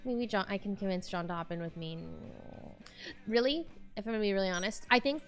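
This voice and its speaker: A woman's voice: mid-range voice, expressive, brisk, soft background music. A young woman streamer chatting casually from her room at home, bubbly and chatty as she thanks viewers by name. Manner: bubbly, chatty, reads viewer names aloud. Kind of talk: casual live-stream chat.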